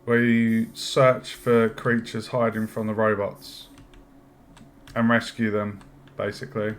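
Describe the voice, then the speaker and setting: A man streaming his game development work, thinking aloud with many pauses and fillers, and chatting with viewers. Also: lowish voice, little pitch movement. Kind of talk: casual live-stream commentary while working. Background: faint music and keyboard typing.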